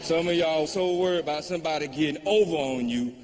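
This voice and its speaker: A man doing stand-up comedy, telling a story in a wry, drawling way with pauses. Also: fairly high pitch, very noisy. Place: live comedy venue, large hall. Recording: live hall reverb, faint ambience.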